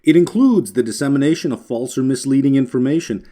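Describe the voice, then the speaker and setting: Male lecturer, warm low-key tone, chatty explanations with filler words and dry humor. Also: fast talker. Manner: conversational, frequent filler words and restarts, wry asides. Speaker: finance instructor. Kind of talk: recorded lecture.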